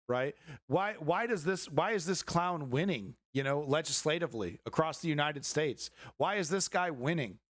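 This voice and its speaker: A man rants about news clips in a profane, sarcastic stream commentary. His voice sits a little high for a man. The sound is dry and close, with no room around it. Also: no room sound. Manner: heated, swearing, sarcastic.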